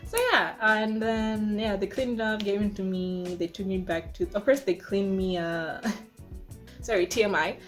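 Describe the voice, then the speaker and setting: Young woman vlogger, casual storyteller, filler-heavy and animated, mid-range voice, faint music underneath. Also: medium pitch, measured pace. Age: 20s.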